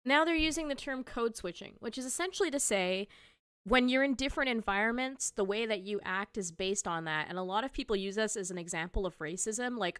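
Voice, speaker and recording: A woman's voice: medium pitch, a little fast, a bit bright, clean tone, dry recording. Woman gaming host ranting, swears a lot, sounds totally fed up, dry recording. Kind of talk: profane reaction commentary.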